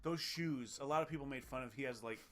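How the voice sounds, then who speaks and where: A man's voice: mid-range voice, fast, faint music behind. A young man co-hosting a film review podcast, talking casually and animatedly, swearing and mimicking characters from the films. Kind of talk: casual chat.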